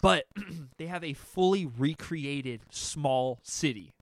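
A man's voice: on the high side, slow pace, dry recording. A young man telling a funny story in casual chat, acting out his friends' voices and laughing often.

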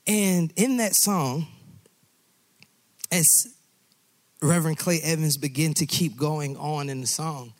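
High-voiced preacher man. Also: slow pace, long pauses, dry recording. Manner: impassioned preaching with repetition, rising into singsong. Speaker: pastor. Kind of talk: sermon.

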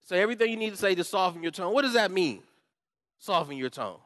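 A fired-up man preaching to his church with a slightly high voice. He swings between loud, rallying calls and hushed, wry asides, often slipping into other people's voices. The sound is close and dry. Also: fast, dry recording. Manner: animated, swings from loud pumped-up shouting to quiet asides, acts out quoted voices. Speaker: pastor. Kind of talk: sermon.

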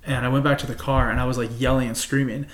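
Casual podcast co-host: quick Canadian man, rambling and profane, echoey room. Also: medium pitch, little pitch movement. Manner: rambling, profane anecdote telling. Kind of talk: casual storytelling. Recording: roomy echo.

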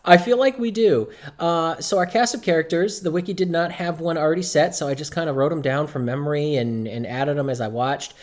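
A man's voice: on the high side, fairly quick, few pauses. A man co-hosting a casual podcast. He rambles loosely, wanders off track and swears freely. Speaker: podcast co-host.

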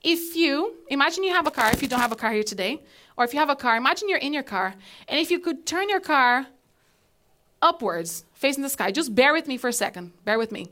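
A woman pastor giving a conversational, animated sermon to a live congregation in a church, asking them questions as she goes. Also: sits high, fairly quick.

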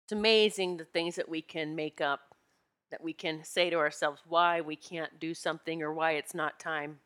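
A woman's voice: deep voice, fairly even intonation, normal speed, fairly bright tone. A woman hosting a personal spiritual talk, telling her story candidly and with feeling, laughing at times. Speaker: podcast host and retreat leader. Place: Pennsylvania home.

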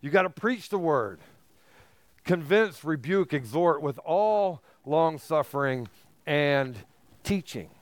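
A man preaching a sermon as pastor, emphatic, building to forceful peaks on key phrases. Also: a little high, expressive, slow, no room sound.

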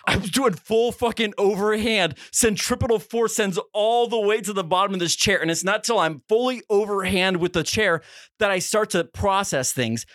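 A young man, a podcast co-host, telling a story in an animated, profane way and acting out voices. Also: high-pitched, normal speed, dry recording, studio quality. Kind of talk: casual storytelling.

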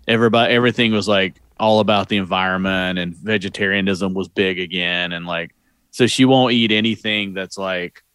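A man's voice: low-pitched, fairly even intonation, brisk, fairly bright tone, smooth, no echo, studio quality. A man co-hosting a casual movie podcast who rambles through his points with many fillers. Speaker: podcast co-host.

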